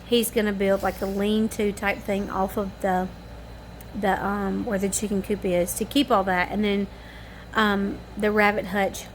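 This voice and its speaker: A woman's voice: medium pitch, little pitch movement, a little slow, slight background noise. A tired woman chatting casually to camera at home in the evening, rambling in a homespun way. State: tired and yawning. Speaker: family vlogger.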